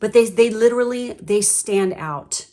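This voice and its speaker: A woman's voice: medium pitch, a little slow, dark tone. A woman giving a casual pick-a-card tarot reading, chatty and frank, swearing freely and laughing often. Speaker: tarot reader.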